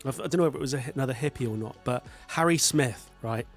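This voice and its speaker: A man's voice: medium pitch, very fast, gravelly, soft background music. A man co-hosting a casual film review podcast, joking dryly and restarting his sentences. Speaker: podcast co-host.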